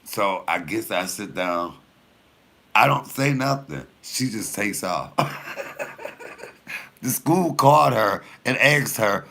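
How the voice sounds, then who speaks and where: A man in his fifties, a comedian, telling a rowdy story in an animated way, acting out the quotes and swearing freely. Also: fairly low pitch, slow, vocal fry, long pauses. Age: 50s. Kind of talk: storytelling during a cooking chat.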